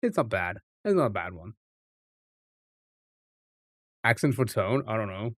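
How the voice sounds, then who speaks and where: A man streaming live, thinking aloud over a word puzzle with frequent pauses and restarts. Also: lowish voice, sing-song, fairly bright tone, no room sound, clean studio sound. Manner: halting, restarts often, muses aloud.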